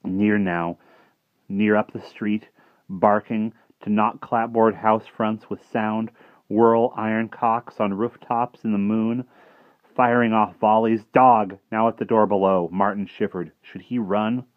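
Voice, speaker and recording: A man giving an expressive, dramatic story reading that drops to a hush at dark moments. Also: fairly low pitch, slow, no echo. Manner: expressive, dropping to hushed tones at dark moments. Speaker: reader. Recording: dull lo-fi dry recording.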